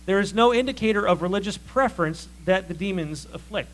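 A man preaching a sermon that walks through scripture, talking in a lively, conversational way and asking many rhetorical questions. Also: high voice, brisk, rough recording.

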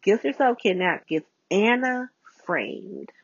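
A woman's voice: big pitch swings, takes it slowly, husky, no room sound. Chatty, swearing woman on a voice note. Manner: chatty, profane, swings pitch a lot. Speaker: podcast host. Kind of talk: casual solo podcast recap. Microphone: phone voice notes. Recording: dull lo-fi voice note.

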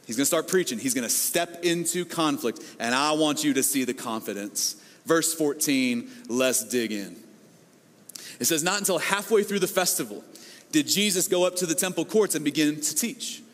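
A man preaching a sermon as pastor, animated and conversational, acting out the people he quotes. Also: on the high side, moderate pace, long reverb tail.

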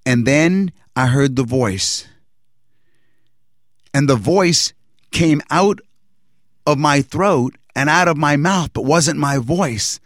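A man telling a personal religious testimony in an earnest, reflective way, pausing and restarting as he recalls events. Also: a little high, no echo, studio quality.

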